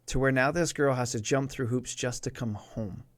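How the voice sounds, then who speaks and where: An earnest man tells a personal story straight into a close microphone, with a mid-range voice of ordinary pitch. The sound is dry, with no room around it. He leans on repeated words to press his points home. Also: normal speed, no room sound. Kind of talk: personal storytelling on a live stream.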